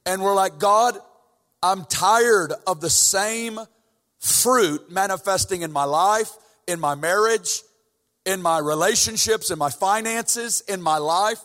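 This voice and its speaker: This guest preacher's voice sits high and a bit bright, and he takes his time. Recorded with church hall reverb in the sanctuary, his sermon goes from casual to fervently emphatic.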